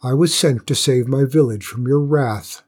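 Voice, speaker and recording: Man as calm young heroine in a storybook, low husky read, steady and determined. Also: moderate pace, natural voice. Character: brave young village maiden healer, calm and determined.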